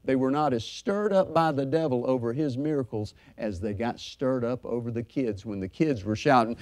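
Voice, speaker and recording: A middle-aged man pastor preaching a sermon, swinging from loud fervor to soft, hushed talk. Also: mid-range voice, animated, moderate pace.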